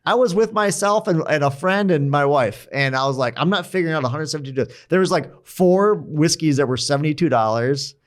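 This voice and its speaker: Animated male podcast host, storytelling. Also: on the high side, fairly quick, few pauses. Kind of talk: casual podcast chat.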